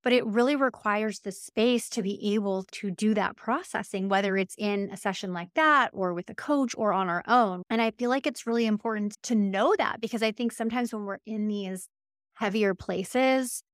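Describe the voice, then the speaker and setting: A woman's voice: mid-range voice, moderate pace, no room sound. Reflective woman podcast host, dry sound. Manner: reflective, thoughtful, frequent "like". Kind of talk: casual conversational podcast.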